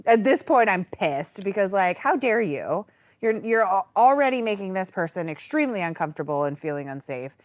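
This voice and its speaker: Lively cussing woman telling a bar shift story, dry mic, middle pitch. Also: fairly quick, dry recording. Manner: animated, swears freely, laughs often. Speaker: podcast host. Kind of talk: casual chat, storytelling.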